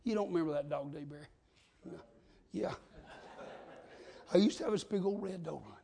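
A man preaching a sermon, telling folksy stories and rising into shouts. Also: on the high side, a little fast, gravelly.

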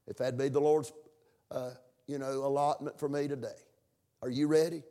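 A man's voice: medium pitch, flat delivery, moderate pace, mellow. A middle-aged man preaching a sermon and leading a fervent prayer. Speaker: pastor.

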